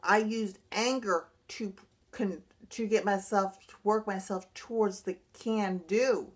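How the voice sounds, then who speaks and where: A middle-aged woman, a brain injury survivor, talking earnestly about her recovery in a halting way, often restarting her sentences. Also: mid-range voice, steady tone, breathy edge. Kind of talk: personal vlog monologue.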